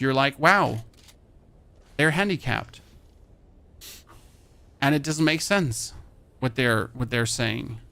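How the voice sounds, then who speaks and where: A man's voice: mid-range voice, gravelly, a bit bright. A chatty man from Germany with a light German accent, streaming a game and rambling as he plays. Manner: chatty, rambling, thinks aloud while playing. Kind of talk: casual live-stream chat.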